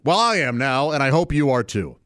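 A man's voice: medium pitch, sing-song, fairly quick, fairly bright tone, no echo, clean studio sound. A man hosting a casual solo podcast, chatty and rambling and laughing often. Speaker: podcast host.

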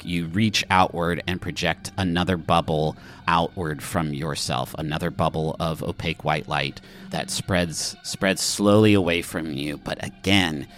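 A man narrating a tabletop game as game master, relaxed and full of fillers. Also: sits low.

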